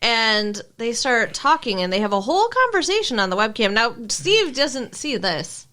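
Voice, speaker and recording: Female podcast co-host, sarcastic recapper, higher voice with a lively, swinging pitch. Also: normal speed. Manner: chatty, sarcastic, lots of "like". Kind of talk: casual recap chat.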